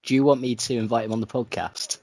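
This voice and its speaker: A man's voice: medium pitch, steady tone, fast, vocal fry, a little mellow, no room sound. Joking young Welsh man on a podcast. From Wales. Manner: joking, laughs often. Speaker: podcast co-host. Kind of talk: casual chat.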